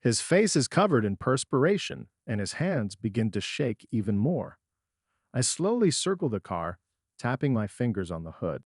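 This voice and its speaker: Brief: middle-aged man, husky tone, animated pitch, measured dramatic story narration. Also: dry recording, clean studio sound.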